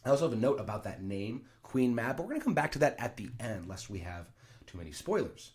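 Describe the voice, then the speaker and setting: A man's voice: mid-range voice, sing-song, fast talker, a little mellow. A man teaching a class on a play, talking casually and thinking aloud with asides and fillers. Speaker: teacher explaining Shakespeare. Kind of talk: casual explanatory lesson.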